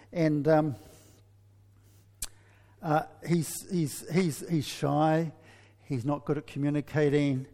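A man preaching a sermon, telling a story with many restarts and lively asides. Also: on the high side, in a large hall.

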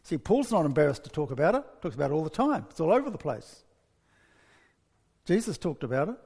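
A man's voice: a little high, very animated, fairly quick, vocal fry, a little mellow, breathy edge. Wry older male preacher, echoing hall. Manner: conversational, wry, storytelling with asides. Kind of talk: sermon.

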